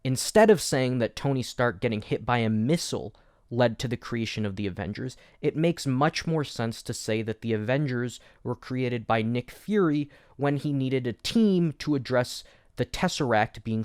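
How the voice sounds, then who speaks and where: A man's voice: medium pitch, animated, moderate pace, a little mellow, no echo, clean studio sound. A man hosting an educational video essay, explaining history with wry, jokey asides. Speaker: educational YouTube host.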